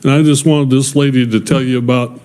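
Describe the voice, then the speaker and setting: A man's voice: medium pitch, fairly even intonation, brisk, a little mellow, clear, resonant tone. A man speaking as a state representative at a committee hearing, earnest and slightly apologetic. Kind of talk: committee floor remarks. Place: legislative hearing room.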